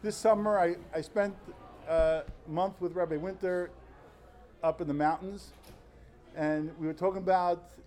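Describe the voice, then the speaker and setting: Young guy w a pretty high voice, telling a story all earnest and animated then starting his talmud class. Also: unhurried. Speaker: yeshiva student giving a Talmud lecture. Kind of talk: informal Talmud lecture with a personal story. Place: study hall before fellow students.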